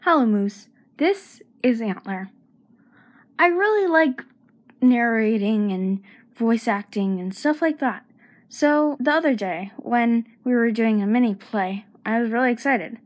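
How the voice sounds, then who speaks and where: A woman's voice: a little high, expressive, a little slow. A woman giving a scripted comedic monologue as narrator and host, playful and self-mocking, with sing-song emphasis.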